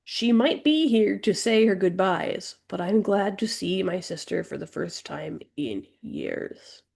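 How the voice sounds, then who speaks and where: Brief: defiant young woman recruit, read by a woman, gravelly edge, insistent. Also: mid-range voice, sing-song, unhurried, a little mellow, exaggerated voice. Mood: fond.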